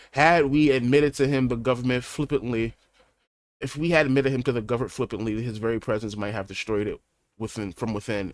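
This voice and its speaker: A young man reading a manga chapter aloud in a flat mutter. He breaks off with slangy, profane asides as he reacts. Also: mid-range voice, dry recording, studio quality. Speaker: manga reaction channel host.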